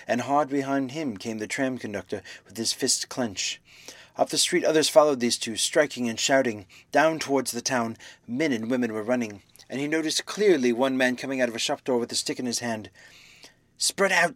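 A man reading a classic novel aloud, with measured, dramatic storytelling. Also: medium pitch, no room sound. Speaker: audiobook narrator. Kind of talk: scripted narration of a classic novel.

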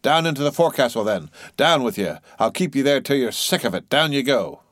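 A man's voice: medium pitch, lively intonation, fairly quick, fairly bright tone, no room sound, studio quality, voice pushed up, natural voice. A man reading aloud and voicing a furious middle-aged ship captain who roars his orders. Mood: commanding. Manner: roaring, barking orders.

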